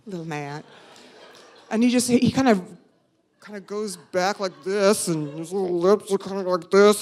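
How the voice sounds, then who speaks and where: A woman in her fifties telling a personal story live, animated, conversational and self-mocking. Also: medium pitch. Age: 50s.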